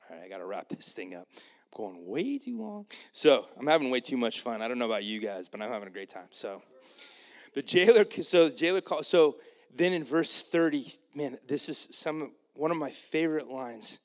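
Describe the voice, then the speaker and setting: A male pastor delivering a sermon at a middle pitch. He tells the story with energy and sometimes puts on voices for the people in it. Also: moderate pace. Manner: animated, acts out the Bible characters in voices.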